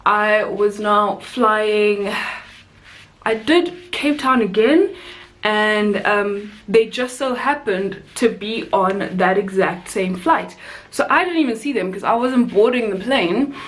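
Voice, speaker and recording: Chatty woman from South Africa telling stories. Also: slow. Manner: chatty, animated storyteller, rising high for quoted voices. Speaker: flight attendant vlogger. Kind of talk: casual makeup chat and storytime.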